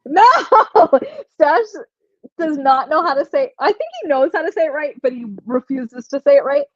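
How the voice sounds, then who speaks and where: A woman's voice: high voice, moderate pace, a little mellow, no echo, lo-fi sound. A young woman hosting a casual livestream giveaway, chatting and laughing while reading comments from chat aloud. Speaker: livestream host running a giveaway.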